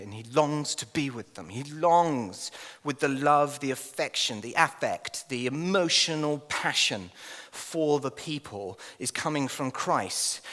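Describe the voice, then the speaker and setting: Animated English preacher in a reverberant hall. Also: male voice, a little high. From England. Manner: animated, jokey storytelling with laughs and acted asides. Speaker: minister. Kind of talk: sermon. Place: church hall.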